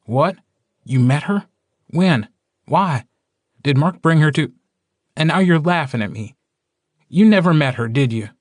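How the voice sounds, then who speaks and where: A man voicing a prickly, sarcastic young male witch in an audiobook, quick with exasperated retorts. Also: medium pitch, no echo, clean studio sound, natural voice. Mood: flustered. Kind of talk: audiobook character dialogue.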